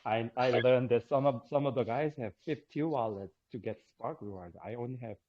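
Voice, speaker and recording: A man chatting as a guest on a podcast, excitable and laughing, stumbling over his words. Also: mid-range voice. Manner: excitable, laughing, halting restarts. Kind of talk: casual chat. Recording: dull lo-fi call audio.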